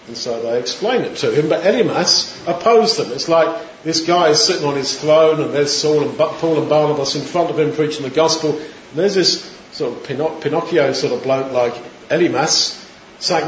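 Fairly high-voiced male preacher in an echoey room. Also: moderate pace. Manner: animated storytelling, retelling scripture in his own words. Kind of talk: sermon. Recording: echoey room, dull lo-fi sound, faint hiss.

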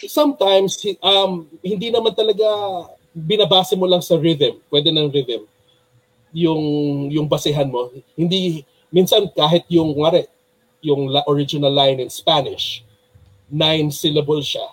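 A Filipino man with a somewhat higher voice gives an informal talk on dubbing. He explains things in a chatty, animated way and switches freely between Tagalog and English. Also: moderate pace, rough recording. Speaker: dubbing workshop presenter.

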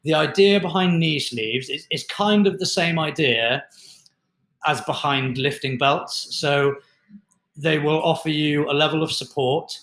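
A man's voice: fairly high pitch, a little slow. Man explaining lifting gear, roomy sound. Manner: relaxed, explains with fillers and examples. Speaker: fitness podcast co-host. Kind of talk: casual explanatory chat. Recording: roomy echo.

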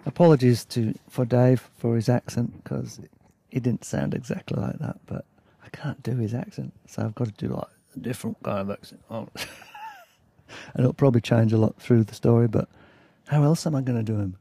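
A gravelly, husky man reads his own sea-voyage memoir in a relaxed, chatty way. His voice is dark and mellow, recorded dry and close, and he drops into casual asides between passages. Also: mid-range voice, moderate pace, no echo. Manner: laid-back, chatty asides and self-corrections. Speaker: storyteller reading his own travel memoir. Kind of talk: casual story reading.

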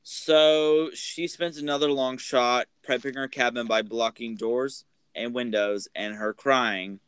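A man co-hosting a podcast who recaps a film's plot in a loose, rambling way, full of fillers and restarts. His voice is smooth and clear, at a middling pitch, and the sound is dry and close. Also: fairly even intonation, slow, fairly bright tone, no room sound, poor audio. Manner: rambling, filler-heavy storytelling. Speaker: podcast co-host.

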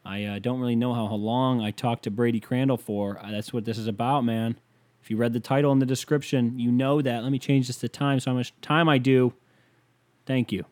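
A man's voice: medium pitch, fairly even intonation, brisk, a little mellow. A young man hosting his own podcast alone, rambling casually with profanity and sarcastic rants into a desk microphone. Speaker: podcast host. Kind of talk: casual solo podcast monologue. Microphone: desk microphone with pop filter.

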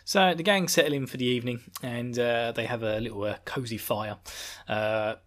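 A bright-toned man hosts a casual book recap, retelling the plot with playful energy. He breaks into laughter often and clearly enjoys the story. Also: mid-range voice, fairly even intonation, normal speed. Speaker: book discussion host.

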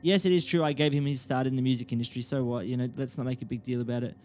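A man co-hosting a comedy podcast, animated and mock-grandiose, with casual swearing. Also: mid-range voice, racing, soft background music. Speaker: podcast co-host.

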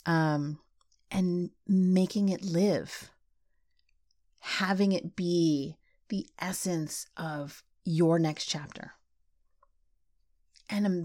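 A middle-aged woman hosting a podcast, talking casually and getting animated and worked up as she goes. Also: on the low side. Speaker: podcast host.

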